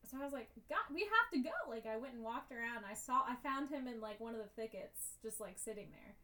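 A woman's voice: on the high side, fast talker, sharp tone, far from the mic. A woman co-hosting a podcast, telling stories in a casual chat, laughing often and swearing freely. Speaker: podcast co-host.

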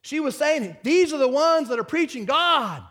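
A man preaching a lively sermon as pastor, swinging from loud bursts to hushed whispers. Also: very high voice, normal speed.

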